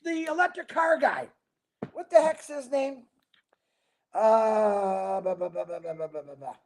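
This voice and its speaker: A man hosting a casual livestream, rambling upbeat as he greets viewers by name, talking fast and a bit mumbled. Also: high voice, expressive. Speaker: livestream host. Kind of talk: casual livestream chat reading viewer comments.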